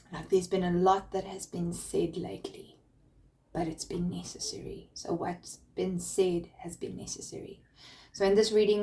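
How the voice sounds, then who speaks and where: A young woman giving a spoken tarot reading in a gentle, soothing way, often restarting her sentences. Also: medium pitch. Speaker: tarot reader.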